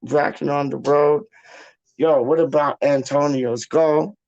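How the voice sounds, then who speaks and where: Guy rambling late at night at home, real gravelly voice, kinda high, keeps saying dog. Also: steady tone, takes it slowly, a little mellow, dull audio. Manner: keeps saying "dog" and "how you mean", sings football chants. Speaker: vlogger. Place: home, just out of the shower.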